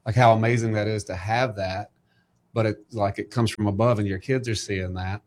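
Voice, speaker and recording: Low, flat-voiced middle-aged host. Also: male voice, normal speed. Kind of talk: faith-centered casual chat.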